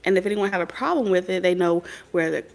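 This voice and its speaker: Fast and creaky, her fairly low voice carries a slight mellowness as this tarot reader and spirit medium rambles through a loose, sermonizing monologue. She's an adult mother of several kids, and her storytelling is blunt, foul-mouthed and street-smart.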